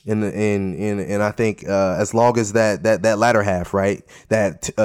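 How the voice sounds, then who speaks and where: A man's voice: medium pitch, a little mellow. A man co-hosting a podcast, thinking aloud in a casual, easygoing way and often repeating words. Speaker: podcast co-host. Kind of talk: casual discussion of a TV episode.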